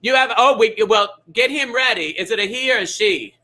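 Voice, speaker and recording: High, bright, campy bingo show host. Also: male voice, brisk, rough recording. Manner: sassy, teasing, exaggerated. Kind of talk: campy live show hosting.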